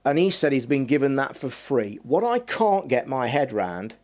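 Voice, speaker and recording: A man's voice: medium pitch, sing-song, unhurried, few pauses. A man, a podcast host ranting on a live stream, heated and passionate, swearing and drawing out words for emphasis. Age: 50s.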